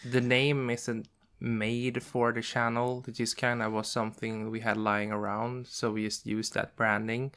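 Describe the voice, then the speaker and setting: A person co-hosting a casual Q&A, telling the channel's backstory in a relaxed way. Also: mid-range voice, a little slow. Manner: relaxed, laughs between remarks. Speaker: co-host. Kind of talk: casual Q&A chat.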